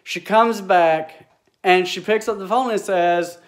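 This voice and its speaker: A man telling a story in a casual, exasperated, animated way, acting out bits of dialogue. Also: sits high, a little slow. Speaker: vlogger.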